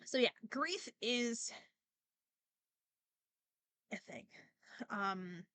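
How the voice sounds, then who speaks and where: A woman's voice: fairly high pitch, animated, very slow, a bit bright, clear, resonant tone, no room sound. A young woman hosting a podcast, talking casually and emotionally with many fillers and restarts, near tears at times. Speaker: podcast host. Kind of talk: casual personal monologue.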